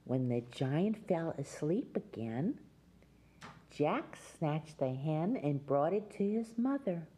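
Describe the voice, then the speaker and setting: With a low, husky voice, a woman hosting a children's show reads a fairy tale aloud. She speaks to young children in a gentle, sing-song manner.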